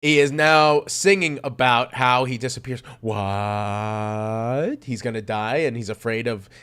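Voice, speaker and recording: A man streaming casually, rambling and cursing often, with sudden jumps from mumbling to loud outbursts. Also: medium pitch, takes it slowly, clear, resonant tone. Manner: rambling, profane, animated swings in loudness. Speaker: streamer reacting to music. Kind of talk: casual chat.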